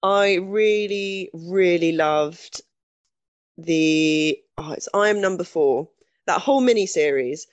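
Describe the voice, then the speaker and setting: A woman's voice: lowish voice, slow, no room sound, muffled recording. A woman guest speaking candidly in a conversational interview, chatty and self-deprecating, restarting her sentences often.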